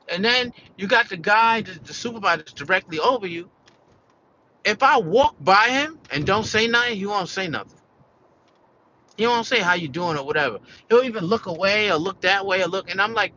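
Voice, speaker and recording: A man's voice: high-pitched, animated, normal speed, sharp tone, muffled recording, slight background noise. An American man venting casually in a candid, profane, rambling monologue, full of restarts. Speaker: vlogger.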